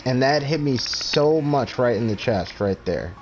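A man's voice: medium pitch, expressive, a little slow, soft background music. A man in his twenties with a stutter, hosting a game stream and talking in an earnest, rambling, heartfelt way. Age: 20s. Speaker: streamer host. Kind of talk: casual chat while streaming a game.

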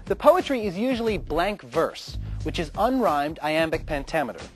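A man giving clear, instructive scripted educational narration. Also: fairly high pitch, big pitch swings, normal speed, faint music behind.

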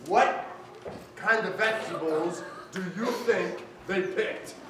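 Lively storyteller man in an echoey hall. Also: high-pitched, noisy background. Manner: lively, drawn-out suspense, coaxing answers. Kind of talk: interactive storytelling for children. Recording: echoey school hall from far off. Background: children's audience.

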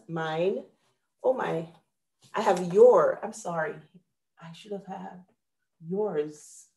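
A woman's voice: medium pitch, mellow, reverberant. A woman teaching a live grammar lesson at a whiteboard, explaining patiently step by step and correcting herself aloud. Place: room with a whiteboard.

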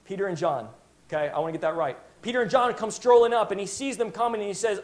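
High-voiced man preaching a sermon. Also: fast. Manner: impassioned storytelling, dramatic retelling.

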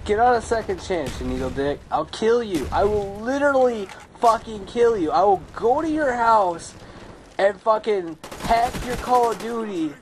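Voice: mid-range voice, animated, moderate pace, darkish tone, slight background noise. A young adult gamer commentating their own play in a profane, ranting way full of outbursts. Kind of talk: gameplay commentary. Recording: game gunfire faint behind.

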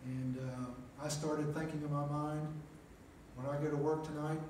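Plainspoken middle-aged preacher in an echoey chapel. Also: male voice, a little high, little pitch movement, measured pace, a little mellow, slight background noise. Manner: plainspoken storyteller, many "uh" and "make a long story short". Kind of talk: testimony sermon. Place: small chapel. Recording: echoey chapel, mic at a distance.

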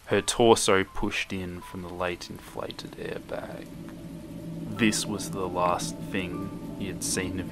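A man reading a horror story as scripted narration, steady and measured. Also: low-pitched. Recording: narration over loud music.

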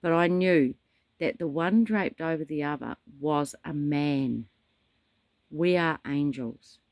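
This New Zealand man, a self-proclaimed prophet, takes his time, his voice a little high and free of room sound. He rambles through a spiritual monologue, telling stories and tossing in dramatic asides.

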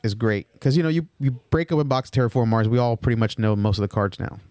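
Man, podcast co-host, casual game chat, animated storyteller, middle pitch, dry close sound. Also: fast talker, no room sound. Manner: animated, acts out players' reactions.

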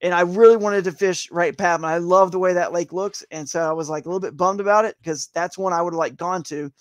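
A man's voice: high voice, steady tone, a little fast, no echo. A man chatting as a guest on a live interview show, rambling and upbeat, saying "man" and "dude" a lot. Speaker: guest, tournament kayak angler.

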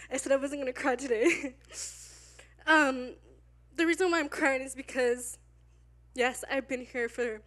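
A woman around twenty, a youth leader, preaching at church, tearful and candid, halting with nervous laughs. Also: high voice, a bit bright. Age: 20s. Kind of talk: emotional sermon. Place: church sanctuary. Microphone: handheld mic.

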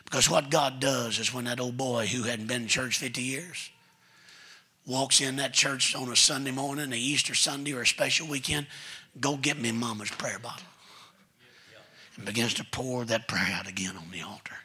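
In a church sanctuary, a Texas pastor preaches in a folksy storytelling manner, recounting family tales and quoting his relatives. His voice is medium-pitched, pushed and bright with a breathy edge, and his pace is moderate.

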